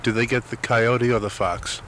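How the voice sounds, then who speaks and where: A man calmly asking follow-up questions after hearing a story. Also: medium pitch, normal speed, slight background noise. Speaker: interviewer.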